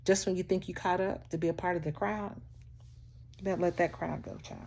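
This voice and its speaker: A woman vlogger giving a heartfelt motivational talk to camera, animated and preachy, often laughing and calling the listener "child" and "baby". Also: fairly low pitch, a little fast, vocal fry, noisy background.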